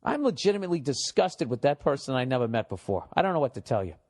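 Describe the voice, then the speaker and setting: A man's voice: medium pitch, big pitch swings, fast, darkish tone. A man hosting a comedy podcast, telling stories and reading listener mail in a blunt, profane, mocking way. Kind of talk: casual podcast rant.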